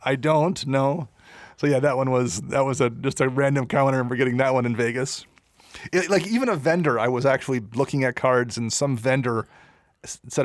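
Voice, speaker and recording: Speaking a little fast at medium pitch, this podcast co-host wanders through casual conversation with lots of fillers and self-deprecating remarks. The sound is dry and studio-clean.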